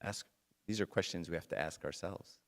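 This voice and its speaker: Middle-aged man, very low voice, conversational sermon, talks directly to the audience. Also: moderate pace, creaky. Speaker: speaker at a church talk. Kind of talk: sermon with a personal story.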